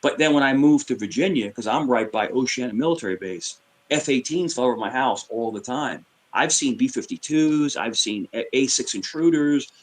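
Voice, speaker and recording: A man's voice: mid-range voice, lively intonation, moderate pace, few pauses. A man in his fifties with a New York accent, rambling in casual chat and often restarting his sentences. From New York City. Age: 50s.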